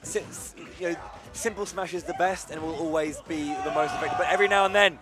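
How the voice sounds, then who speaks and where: High-voiced man co-commentating, jokey and laughing. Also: fairly even intonation, fast talker. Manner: jokey, laughs often, stumbles over words. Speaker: esports co-commentator. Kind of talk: live esports commentary. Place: tournament venue with crowd. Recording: crowd and music behind.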